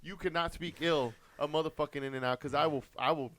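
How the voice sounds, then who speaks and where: A man's voice: a little high, steady tone, a little fast, a crowd in the background. A young man co-hosting a podcast, telling a long story in a casual, rambling, profane way. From Monterey Park, Los Angeles. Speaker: podcast co-host.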